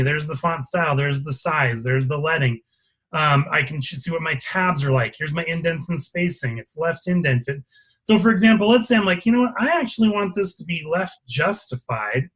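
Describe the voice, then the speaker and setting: Guy teaching a live design class, bit of a higher voice, explains each click as he goes. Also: moderate pace, fairly bright tone. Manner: explains step by step, checking for questions. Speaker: instructor. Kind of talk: live software lesson with screen demo.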